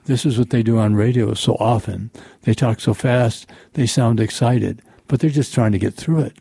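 Mellow husky radio host, man. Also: fairly even intonation, no echo. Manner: playful, self-mocking, drawn-out pitch reading. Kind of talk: casual community radio chat.

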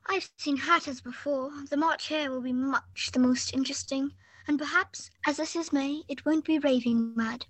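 A woman's voice: high-pitched, steady tone, normal speed, lightly acted, low-quality recording. An actress playing a polite, curious young girl who speaks in a wondering, courteous way.

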